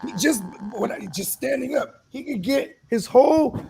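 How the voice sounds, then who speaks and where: A man's voice: very high-pitched, expressive, normal speed, vocal fry, few pauses, dark tone, slightly rough. A man co-hosting a podcast, talking in laid-back, slangy banter, swearing freely and laughing often. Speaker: podcast co-host. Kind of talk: casual chat.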